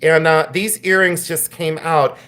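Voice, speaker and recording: A woman's voice: deep voice, fairly even intonation, a little slow, a bit bright. Woman, live-stream jewelry seller, chatty, gushing, laughs easily. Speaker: jewelry sale host. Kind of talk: live-stream sales chat.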